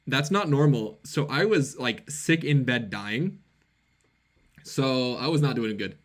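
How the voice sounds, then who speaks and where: A man's voice: medium pitch, fairly bright tone. A young man telling a casual story with an avatar, rambling and full of fillers, poking fun at himself. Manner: rambling, filler-heavy, self-mocking. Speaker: avatar vlogger.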